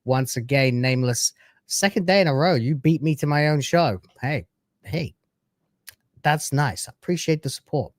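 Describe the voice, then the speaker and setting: A man's voice: a little high, fairly quick, no room sound, studio quality. A man hosting a live stream, chatting casually with brash, sarcastic, crude banter.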